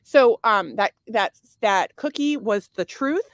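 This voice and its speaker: Crude, rambling higher-voiced woman. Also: lively intonation, slow, no echo, clean studio sound. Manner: crude, rambling, laughs often. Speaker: podcast co-host. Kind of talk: casual married-couple chat.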